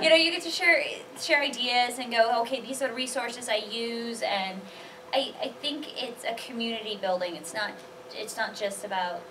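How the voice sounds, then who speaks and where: A woman's voice: fairly high pitch, moderate pace, recorded from a distance, background noise. A woman panelist at a convention, talking enthusiastically about sharing costume ideas. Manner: enthusiastic, gushing. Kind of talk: casual panel chat.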